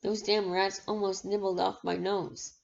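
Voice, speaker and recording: A huge, brutish henchman from a storybook, growling and crude, as a woman reader puts him on. The voice has a gravelly rasp, and the recording is dull and lo-fi. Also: medium pitch, level tone, measured pace, darkish tone.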